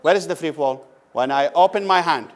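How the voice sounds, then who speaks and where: Man lecturing, slow questioning delivery. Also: on the high side. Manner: asks the class questions and answers them, repeats key words slowly. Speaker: physics lecturer. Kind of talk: classroom lecture. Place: lecture room.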